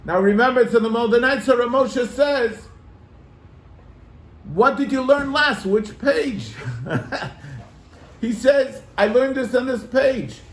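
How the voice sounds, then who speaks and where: A man's voice: very high voice, slow, pauses often, echoey room. A man, a rabbi, telling a story to his congregation, acting out the people in it. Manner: animated, acts out quoted voices.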